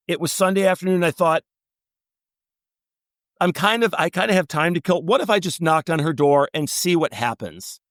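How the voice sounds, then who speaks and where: A middle-aged man, a travel writer guest, telling long anecdotes and quoting people in animated storytelling. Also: fairly high pitch, no echo. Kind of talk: storytelling interview.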